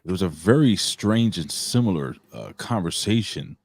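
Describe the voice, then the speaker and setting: A man's voice: deep voice, animated, moderate pace, darkish tone, breathy edge, dry recording. A man, co-hosting a casual podcast and telling a rambling, profane story. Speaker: co-host.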